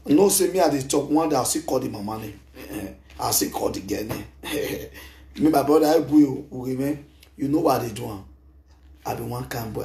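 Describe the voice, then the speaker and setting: A middle-aged Nigerian man with a Nigerian accent, giving an emphatic, animated spoken testimony into a handheld microphone, mixing English and Pidgin. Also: mid-range voice, gravelly, echoey room. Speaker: speaker giving a testimony at a gathering.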